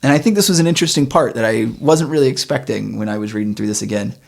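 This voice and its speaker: Gravelly man reading scripture casually. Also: medium pitch, fast. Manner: relaxed, paraphrases the story in modern slang with chuckles. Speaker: podcast co-host. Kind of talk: casual Bible discussion, reading scripture aloud.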